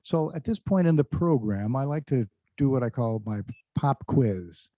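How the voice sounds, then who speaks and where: Through a computer mic on a video call, a man presents online as a career speaker, quizzing listeners in a conversational, filler-heavy style. He speaks at normal speed in an expressive mid-range voice with no room sound, and the call audio is dull and lo-fi.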